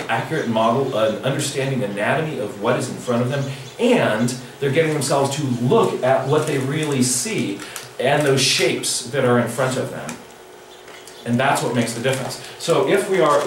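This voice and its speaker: Middle-aged male instructor, playful and chatty, recorded far off in a boomy hall. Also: slight background noise. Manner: chatty, animated, playful with the audience. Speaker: drawing workshop instructor. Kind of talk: live workshop lecture. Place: large echoey lecture room.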